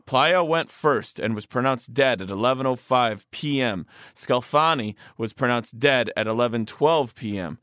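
A man's voice: medium pitch, normal speed, hardly any pauses, a bit bright, dry recording, studio quality. A man co-hosting a podcast, chatting casually and reading listener letters aloud with playful, joking emphasis. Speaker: podcast co-host.

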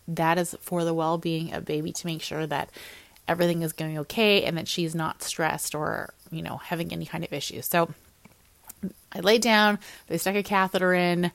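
Young woman, fitness-coach vlogger, low-ish voice, dry sound, talks candidly with lots of fillers. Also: no room sound. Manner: candid, conversational, many fillers. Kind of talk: personal birth story vlog.

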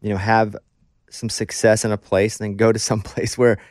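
A man's voice: on the low side, flat delivery, normal speed, darkish tone, no room sound. Playful male podcast host, dry mic. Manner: playful, enthusiastic interjections. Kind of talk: casual interview chat.

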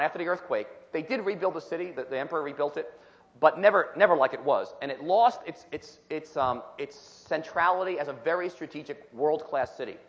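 A man's voice: on the high side, a bit bright, dull audio. Man preaching in a reverberant hall. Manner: expository preaching with emphatic scripture reading and asides. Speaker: pastor. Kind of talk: sermon. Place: church sanctuary.

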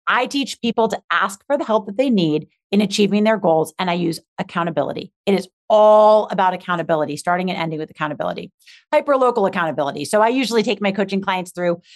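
Emphatic woman coaching on a podcast. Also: mid-range voice. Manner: energetic, emphatic, repeats key words. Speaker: podcast guest, accountability coach. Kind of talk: podcast interview.

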